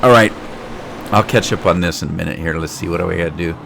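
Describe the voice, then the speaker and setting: A man's voice: low voice, fast, creaky, a bit bright. Chatty streamer man, faint hum. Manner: chatty, joking, reads chat aloud. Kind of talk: casual game live stream.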